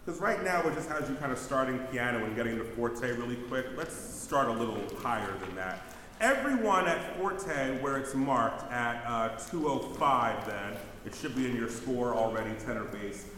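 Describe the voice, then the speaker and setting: A man's voice: medium pitch, expressive, normal speed, a bit bright, a little hiss or hum. A man directing a choir rehearsal, counting in beats and singing example phrases between instructions. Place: rehearsal hall. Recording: roomy hall with long reverb, faint music.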